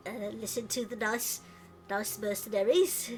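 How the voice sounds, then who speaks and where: A woman's voice: medium pitch, steady tone, unhurried, over loud music, close to an everyday voice. A woman voicing an anxious father fussing over his adventuring son, hesitant and stammering. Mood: fretful.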